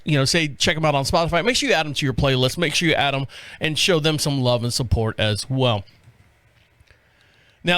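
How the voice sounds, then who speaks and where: A man's voice: fairly high pitch, a bit bright, clean tone, no echo. A man hosting a talk podcast in a small studio, rambling and chatty as he reads stories, often tripping over names. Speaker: podcast host. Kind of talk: casual talk show monologue. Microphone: studio mic on a stand.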